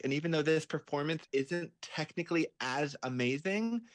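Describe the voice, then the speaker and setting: A man's voice: on the high side, lively intonation, normal speed, no echo. A man who directs and acts, explaining his work at length in a casual interview. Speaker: director, writer and actor.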